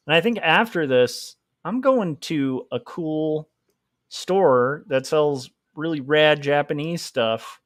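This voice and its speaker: A man's voice: fairly high pitch, slow pace, fairly bright tone, dry recording, clean studio sound. A man hosting a casual livestream while drawing, rambling and joking at his own expense. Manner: joking, rambling, self-mocking. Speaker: livestream host, comic artist.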